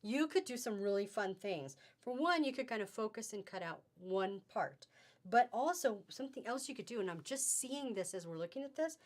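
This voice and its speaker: A woman's voice: medium pitch, lively intonation, normal speed. A middle-aged woman hosting a live fabric sale stream, chatty and gushing, laughing often as she reads out codes.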